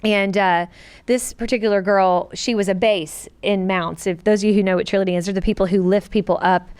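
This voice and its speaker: Co-host, middle-aged woman: earnest, animated storyteller with a smooth, clear voice. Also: medium pitch, fairly quick. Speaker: podcast co-host. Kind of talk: personal storytelling in a casual chat.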